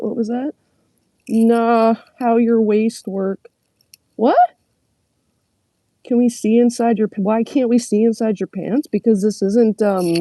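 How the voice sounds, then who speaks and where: Young woman streamer, sarcastic and profane, dark mellow tone, dry close sound. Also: fairly high pitch, no room sound. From Canada. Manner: sarcastic, profane, mocking commenters. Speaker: livestreamer. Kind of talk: casual livestream chat reading comments.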